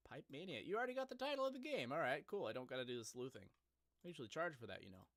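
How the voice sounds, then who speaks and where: A man's voice: a little high, sing-song, very fast, a bit bright, no echo. A man chatting casually on a live stream, rambling and joking at his own expense. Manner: joking, rambling, self-deprecating.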